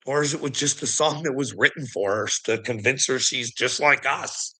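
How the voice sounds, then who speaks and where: A man's voice: mid-range voice, normal speed, bright, forceful tone, slightly rough, low-quality recording. A man talking in a rambling, sardonic monologue, laughing often and swearing as he goes. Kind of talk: casual conspiracy commentary monologue.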